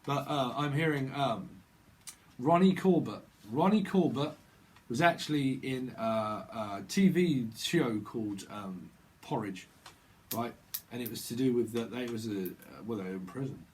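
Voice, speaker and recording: A man's voice: mid-range voice, lively intonation, a little slow, a little hiss or hum. A man with a British accent giving a rambling, free-associating tarot reading, laughing often and dropping into silly voices. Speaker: tarot reader.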